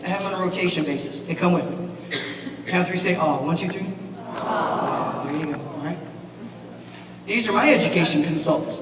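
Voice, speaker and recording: Man, banquet keynote, animated, quizzes the audience, long hall reverb, noisy room. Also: sits high. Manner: animated, asks the audience questions. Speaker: keynote speaker, teacher. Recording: echoey hall, mic from far off, noisy.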